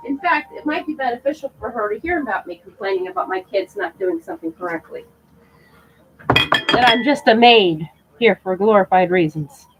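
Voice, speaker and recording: Chatty woman live-streaming, lively pitch. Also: moderate pace, over music, low-quality recording. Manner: chatty, emotional, laughs often. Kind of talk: casual live-stream chat.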